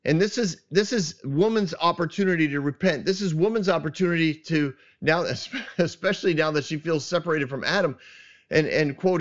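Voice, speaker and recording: Earnest man musing on scripture, lo-fi. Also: fairly high pitch. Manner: earnest, halting, frequent restarts and chuckles. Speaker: podcast host. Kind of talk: casual Bible discussion.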